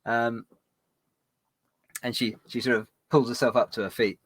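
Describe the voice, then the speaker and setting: A man narrating as game master of a tabletop game, rambling and halting with many fillers. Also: mid-range voice, little pitch movement, no echo.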